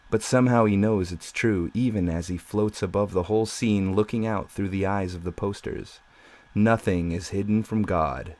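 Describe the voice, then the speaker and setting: A man, the author, reading his science fiction novel aloud as an audiobook in a measured, dramatic way. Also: low-pitched, darkish tone. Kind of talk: scripted novel narration.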